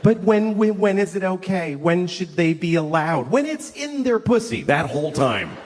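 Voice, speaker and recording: A sardonic man doing a stand-up set on a club stage, building to shouted rants, over a loud crowd. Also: high-pitched, very animated, normal speed, hardly any pauses, slight background noise. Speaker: stand-up comedian.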